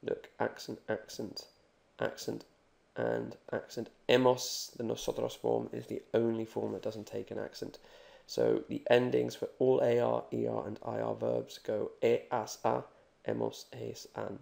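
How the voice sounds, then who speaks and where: A man teaching Spanish grammar in a video lesson, joking and reassuring as he repeats examples slowly. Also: medium pitch, little pitch movement, vocal fry, warm tone.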